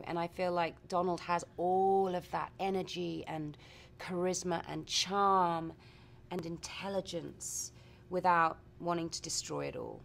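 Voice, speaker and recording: A woman answers interview questions in a reflective, affectionate way. Her voice sits a little low and has a gravelly fry. It is a relaxed press-junket chat. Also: slight background noise. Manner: warm, reflective, says darling. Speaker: actress guest.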